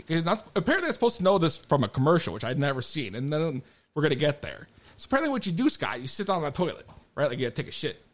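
A man hosting a casual podcast, telling a story in an animated way and swearing freely. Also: a little high. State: laughing through a coughing strain. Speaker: podcast host.

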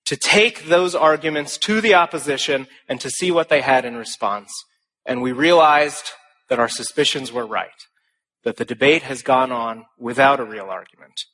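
A young man giving a speech to a live audience, telling stories in an animated, self-deprecating way. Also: medium pitch. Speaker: conference speaker.

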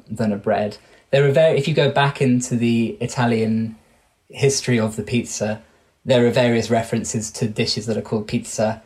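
A Welsh man in his thirties with an English accent, appearing as a guest researcher on an interview podcast. His voice is fairly low and a little mellow, and he speaks thoughtfully while repeatedly restarting and correcting his sentences.

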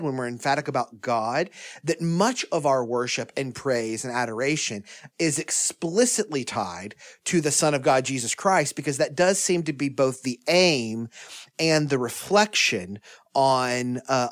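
A man's voice: a little high, no room sound, clean studio sound. A man teaching theology in a podcast discussion, earnest and explanatory, at times reading scripture aloud.

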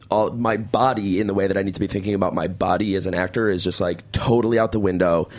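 A man's voice: on the low side, no echo. A man in his thirties co-hosting a radio talk show, talking candidly and rambling. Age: 30s. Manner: candid, rambling, self-deprecating. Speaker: co-host.

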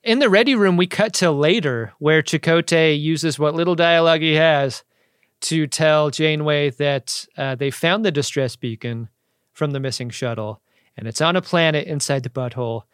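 A man's voice: fairly high pitch, normal speed, a bit bright, smooth, dry recording. Dry-joking man in a dead room. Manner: dry, joking, puts on voices for characters. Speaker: podcast co-host. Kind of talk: casual comedic recap chat.

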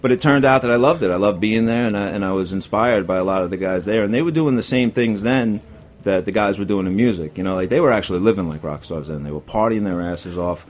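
A man's voice: on the low side, fast talker. A man in his forties with a New York accent, a chef guest telling blunt, profane stories in a casual studio chat. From Brooklyn, New York.

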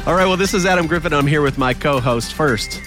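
A man's voice: on the high side, fast talker, music in the background. A man hosting a podcast, joking and self-deprecating in casual chat. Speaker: podcast host.

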